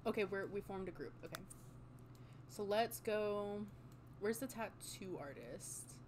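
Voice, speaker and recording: A young woman giving casual, excitable gameplay commentary, swearing and exclaiming often. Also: medium pitch, a little slow, a little hiss or hum. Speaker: gaming channel host.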